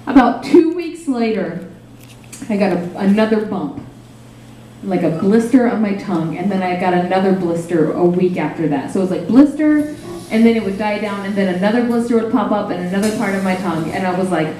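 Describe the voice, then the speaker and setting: A woman's voice: mid-range voice, lively intonation, a little fast, dark tone, distant mic, slight background noise. A young woman doing a stand-up set in a small cafe, rambling and self-deprecating, full of fillers. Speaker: stand-up comedian. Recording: very echoey room, faint ambience.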